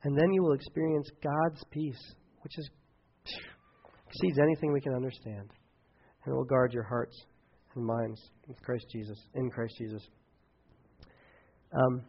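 A man's voice: medium pitch, highs cut off. A man preaching a sermon and leading a closing prayer, telling stories casually with many fillers and restarts. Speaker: pastor.

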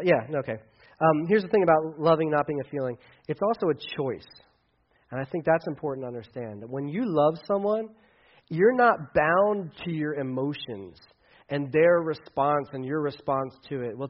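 Male pastor, slightly high voice, casual sermon, animated dialogue, lo-fi. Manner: conversational, acts out dialogue with big swings in pitch and loudness.

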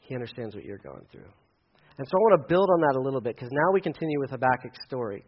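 A male pastor preaching a sermon with an animated delivery, acting out quotes in loud, high bursts. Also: fast talker, breathy edge, lo-fi sound.

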